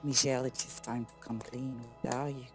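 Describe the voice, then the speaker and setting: A man's voice: mid-range voice, flat delivery, normal speed, fairly bright tone, soft background music, lightly acted. A man voicing a stern baroness who asks pointed questions.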